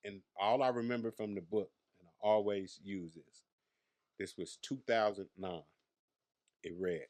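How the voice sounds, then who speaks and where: A man's voice: sits low, steady tone, normal speed, a little mellow. A man in his thirties from Las Vegas, a comedian guest telling brash, profane stories in a casual interview. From Las Vegas, USA. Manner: brash, profane, boastful storyteller.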